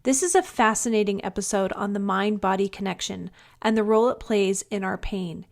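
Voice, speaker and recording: A woman reading a scripted podcast episode introduction in an even, read-aloud manner. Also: mid-range voice, fairly quick, vocal fry. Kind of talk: scripted narration.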